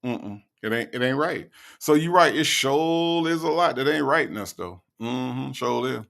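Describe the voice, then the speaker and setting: Man, gravelly voice, sarcastic reaction commentary, slow mocking delivery. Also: medium pitch, animated, fairly bright tone. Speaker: commentary host.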